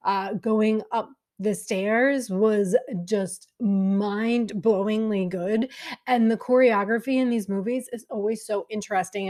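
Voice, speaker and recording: A woman's voice: medium pitch, a little mellow. A woman casually reviewing films she watched, chatty and candid, with frequent fillers. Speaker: film vlogger.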